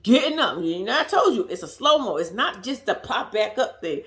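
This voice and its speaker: A woman's voice: mid-range voice, very animated, moderate pace, a bit bright. A woman vlogger telling a story to her viewers in casual chat, swearing freely and laughing at herself.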